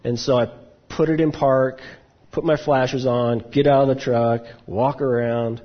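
Husky-voiced man preaching a story. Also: medium pitch, unhurried, lo-fi sound. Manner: animated storyteller, acts out quotes loudly. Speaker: pastor. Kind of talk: sermon storytelling.

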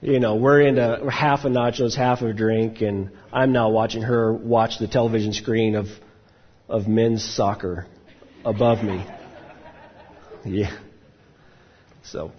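In a sermon, a pastor tells a personal story and acts out the quotes with animated outbursts. His voice is lowish and husky, and the recording sounds muffled.

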